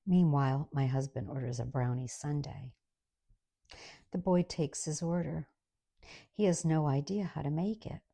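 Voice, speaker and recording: An older woman tells an exasperated, sarcastic comic story. Her voice is low, husky and gravelly, with a mellow tone. The sound is close and dry. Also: a little slow, long pauses, no echo. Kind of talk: comic rant monologue.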